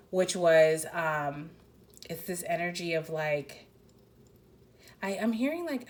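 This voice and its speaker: A woman giving a casual intuitive card reading, rambling and tentative, saying "like" often. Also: fairly low pitch. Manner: rambling, heavy use of "like", tentative. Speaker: tarot card reader.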